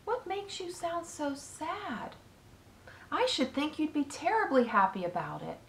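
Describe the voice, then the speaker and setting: Teacher lady doing a squeaky excited little pig, all questions, echoey room. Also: unhurried, heavily acted. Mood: worried. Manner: eager, questioning, raises pitch. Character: young excitable male pig, eager and innocent.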